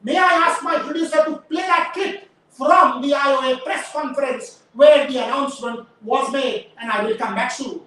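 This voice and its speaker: A woman's voice: high-pitched, normal speed, fairly bright tone, a little hiss or hum. A woman host giving impassioned live commentary, emphatic and rhetorical, firing pointed questions. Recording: very echoey, distant mic.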